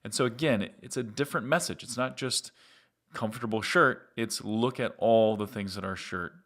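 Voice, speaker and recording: A man's voice: fairly low pitch, normal speed, fairly bright tone. A middle-aged man hosting a marketing tutorial, speaking to the viewer in an upbeat, conversational way. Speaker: marketing agency host.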